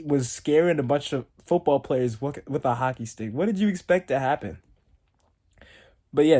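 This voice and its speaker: With a mellow, medium-pitched voice, this young storytime vlogger tells a tale casually to the camera. He meanders as he goes and leans heavily on "like."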